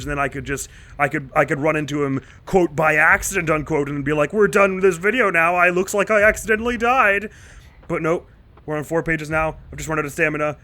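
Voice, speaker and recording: Male let's-play host, bright tone, rambling nervous horror commentary, panicky mumbles under stress. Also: fairly high pitch. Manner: rambling and self-mocking, jittery with nervous asides. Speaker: gaming channel host.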